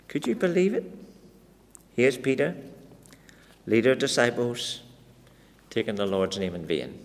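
A man preaching an expository sermon, dramatic and full of rhetorical questions put to his listeners. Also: on the low side. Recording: long reverb of a large hall.

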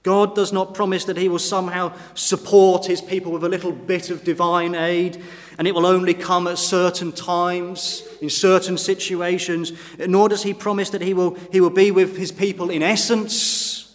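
Earnest high-voiced preacher in a reverberant church. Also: male voice, flat delivery, normal speed. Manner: earnest, emphatic preaching, rising in force at key points. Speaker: pastor. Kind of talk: sermon. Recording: long reverb of a church hall.

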